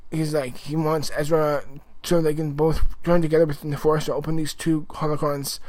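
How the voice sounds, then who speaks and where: A man giving a casual spoken review of a TV episode, rambling and excitable, with lots of fillers and restarts. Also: a little high, moderate pace, dry recording, poor audio.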